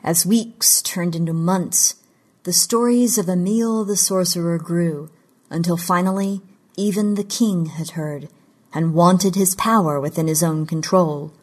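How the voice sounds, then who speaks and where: A woman narrating a fantasy short story in a measured, deliberate storytelling delivery. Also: on the low side, a little mellow. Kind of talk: scripted audiobook narration of fiction.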